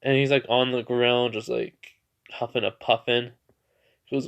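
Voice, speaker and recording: A man's voice: medium pitch, level tone, a little slow, clear, resonant tone. A young man casually telling a fan fiction story, rambling with fillers and restarts.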